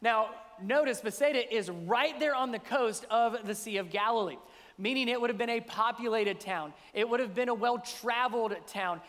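High-voiced preacher in a hall. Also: male voice, normal speed, fairly bright tone. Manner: conversational, asks rhetorical questions. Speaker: pastor. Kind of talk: sermon.

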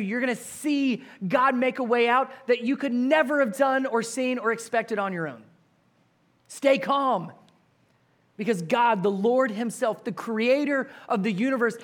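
A steady, commanding male leader giving firm, insistent orders to stay still, as a preacher puts him on in a sermon. The voice sits high and carries a pleading insistence.

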